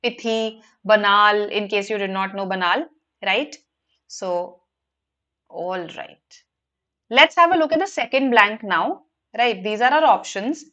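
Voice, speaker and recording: A woman's voice: medium pitch, unhurried, bright, forceful tone. A woman with an Indian English accent teaching a live online vocabulary lesson, explaining patiently and often checking in with the class. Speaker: online exam prep teacher.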